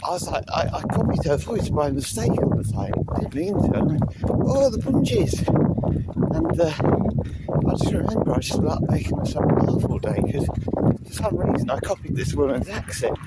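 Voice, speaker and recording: A man's voice: on the high side, lively intonation, a little fast. A man vlogging casually, rambling with lots of fillers, speaking into a handheld phone outside on a seaside promenade. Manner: rambling, chatty, full of fillers. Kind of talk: casual vlog chat. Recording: loud outdoor background noise.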